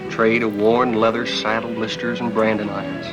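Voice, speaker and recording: An actor narrating as a weathered cowhand who looks back on his youth, calm and measured, from a 1950s western film soundtrack. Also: fairly low pitch, close to an everyday voice, poor audio. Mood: reflective. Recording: film soundtrack with loud score. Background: loud orchestral music.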